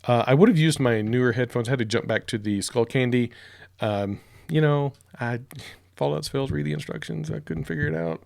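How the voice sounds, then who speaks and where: A man's voice: mid-range voice, vocal fry, darkish tone, dry recording. A man casually reviewing a microphone at home, joking and rambling while he tests it up close. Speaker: product reviewer. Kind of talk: casual unboxing chat. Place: home room with hardwood floors. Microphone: close broadcast microphone.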